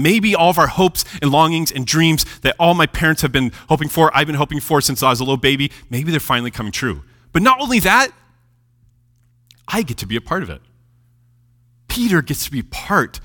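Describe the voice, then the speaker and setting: A man's voice: fairly high pitch, sharp tone. A man preaching a sermon as a chatty, casual story, animating it and laughing at his own jokes.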